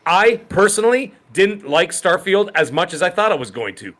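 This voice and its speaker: Animated male co-host, bright sharp voice pitched a bit high, playful and teasing. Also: normal speed. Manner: animated, joking, playfully loud. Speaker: podcast co-host. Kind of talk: casual banter on a live-stream podcast.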